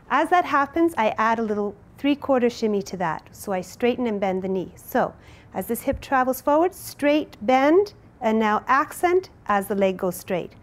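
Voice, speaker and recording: A middle-aged woman teaching a belly dance step, explaining it patiently and counting out each move. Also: on the high side. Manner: clear, patient, counting out moves.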